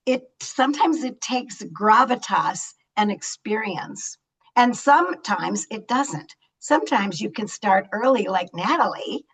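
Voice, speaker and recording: An older woman moderating a virtual fireside chat over a video call, talking in an animated, effusive way. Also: mid-range voice, slow, breathy edge, low-quality recording. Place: Los Angeles.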